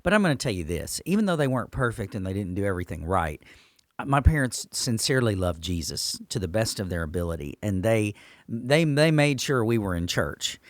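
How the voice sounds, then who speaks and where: Earnest pastor, emphatic, dry sound. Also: male voice, on the low side, big pitch swings, a little fast, dry recording. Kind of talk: podcast discussion.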